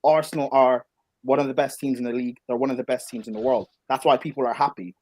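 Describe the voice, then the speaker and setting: A man's voice: mid-range voice, fairly even intonation, fast, a little mellow. A man in a casual football debate, insistently explaining his point. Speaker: football podcast co-host.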